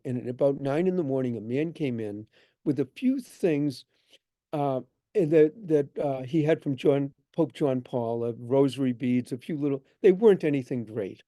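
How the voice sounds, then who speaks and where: This is a medium-pitched man with no room sound, a bookshop owner invited to speak in an event hall. His storytelling talk is full of animated anecdotes about his trade, with the dialogue acted out for the audience.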